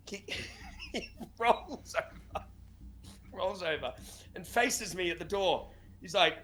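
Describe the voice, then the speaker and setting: A man's voice: sits high, unhurried, long pauses, sharp tone. A young man telling a story in casual chat, acting out quotes with lots of swearing and laughter. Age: young adult. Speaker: podcast guest.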